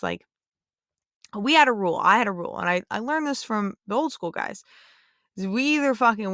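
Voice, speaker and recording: A woman's voice: mid-range voice, fairly bright tone, dry recording, studio quality. A young woman and police officer hosting a podcast, lecturing listeners bluntly and emphatically, with plenty of swearing. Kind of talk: blunt opinionated monologue.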